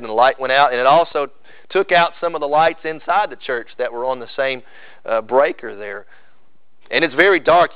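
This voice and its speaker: A man's voice: mid-range voice, clear, resonant tone, dry recording, narrow, tinny audio. A man preaching a sermon as pastor, emphatic and repeating phrases for stress.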